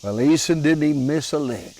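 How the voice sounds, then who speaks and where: A man's voice: fairly high pitch, a little fast, darkish tone, low-quality recording. Folksy man telling family tales. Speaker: storyteller comedian. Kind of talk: folksy comic storytelling.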